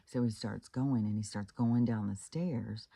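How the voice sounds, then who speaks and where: A man from Kansas tells a creepy story in a loose, casual way, full of fillers and restarts. His voice is dark and mellow, with a husky edge. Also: mid-range voice, fairly even intonation, measured pace, dry recording. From Kansas, United States. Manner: rambling, many fillers and restarts. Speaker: channel host.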